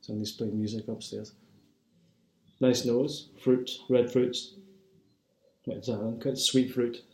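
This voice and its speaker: A Scottish man chats at home about wine and films. He wanders through his points with plenty of ums and restarts. His mid-pitched voice rings in a roomy, echoey space. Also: steady tone, slow, long pauses, warm tone. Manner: rambling, many fillers and restarts. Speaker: wine and film vlogger. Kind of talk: casual chat. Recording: roomy echo.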